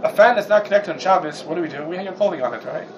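A man teaching a Talmudic lecture, lively and full of rhetorical questions, dropping Hebrew and Yiddish terms. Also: high voice, very fast, noisy background. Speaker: Torah class teacher.

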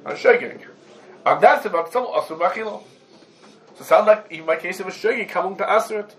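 Over a low-quality recording, a man with a high voice teaches a Talmudic law class a little fast. He walks his students through cases using rhetorical questions, mixing Hebrew terms into his English.

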